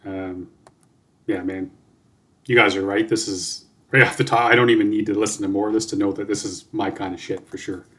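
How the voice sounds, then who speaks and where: Canadian guy chatting his reaction to a song, laid back, lots of ums, low-ish voice. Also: fairly even intonation, brisk, sharp tone. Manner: laid-back, swears freely, thinks aloud with fillers. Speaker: reaction video host. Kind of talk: casual music reaction commentary.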